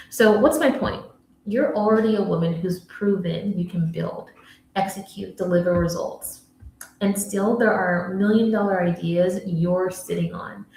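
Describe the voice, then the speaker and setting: An American woman and spiritual coach giving an earnest motivational talk, telling a story and dropping to soft hushed asides. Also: mid-range voice, roomy sound, a little hiss or hum, poor audio. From United States.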